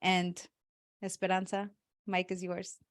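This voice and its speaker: A woman's voice: on the low side, completely flat delivery, a little slow, clean tone. Chatty thirty-year-old woman hosting a call. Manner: chatty, rambling, self-correcting. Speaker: summit host and life coach. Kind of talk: casual introduction on a video call.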